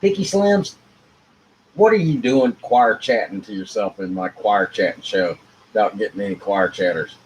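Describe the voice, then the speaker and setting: A man hosting his own show alone, rambling in a free-associating monologue with rhyming wordplay, dropping to mutters and rising to loud outbursts. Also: on the low side, moderate pace, a little hiss or hum, low-quality recording. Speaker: show host.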